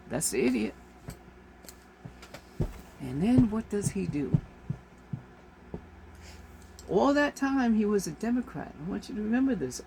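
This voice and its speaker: A woman's voice: a little high, vocal fry, mellow, a little hiss or hum. A woman vlogger delivers an exasperated, emphatic rant to camera, repeating her points for force. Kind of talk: ranting monologue to camera.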